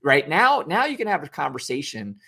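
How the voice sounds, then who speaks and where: A man's voice: on the high side, wildly swooping pitch, fairly quick, gravelly, sharp tone, husky. A man who coaches youth football, talking through leadership in a loose, unscripted podcast debate, with lots of restarts and acted-out coach quotes. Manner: rambling, many restarts, acts out coach quotes.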